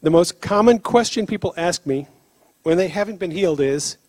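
A man preaching about healing, telling stories with lively acted-out dialogue and frequent laughter. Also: high-pitched, moderate pace, no room sound. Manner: animated storyteller, laughs often, acts out dialogue. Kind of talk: sermon with storytelling.

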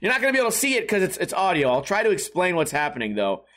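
A young man with a fairly high voice talks in a loose, rambling podcast monologue. He swears freely and turns sarcastic as he tells his stories. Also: huge pitch swings, rapid-fire, fairly bright tone. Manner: rambling, profane, sarcastic storytelling. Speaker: podcast host. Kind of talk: casual monologue.

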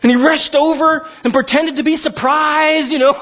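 A man's voice: extremely high pitch, normal speed, hardly any pauses, a bit bright, highs cut off. A man preaching a sermon as pastor, telling stories animatedly and acting out the voices of the people in them.

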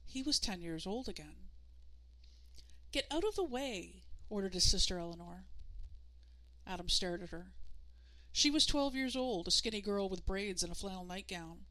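A woman's voice: mid-range voice, moderate pace, a bit bright. Woman narrating an audiobook.

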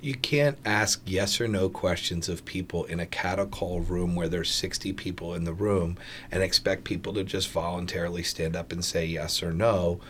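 A man's voice: low-pitched, steady tone, normal speed, slight background noise. A man on a podcast panel who argues his points with emphasis and mocks the other side. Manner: emphatic, argumentative, mocking.

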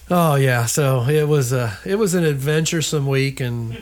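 A man's voice: medium pitch, unhurried. An older man with grandchildren telling a travel story in a casual chat, acting out the voices of the people in it. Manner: animated storyteller acting out quoted dialogue.

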